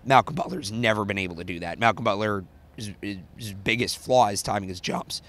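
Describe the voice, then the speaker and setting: A man with a lowish voice hosting a sports podcast, hoarse and losing his voice. He keeps going at an easy, laid-back pace. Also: a little fast, fairly bright tone. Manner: laid-back, pushing through. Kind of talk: casual sports podcast chat.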